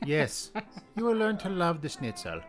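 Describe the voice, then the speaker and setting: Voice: mid-range voice, very animated, faint music behind, close to an everyday voice. A player putting on a German accent to voice a theatrical, mysterious male doctor. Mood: hammy. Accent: put-on German. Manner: theatrical, slow and drawn out.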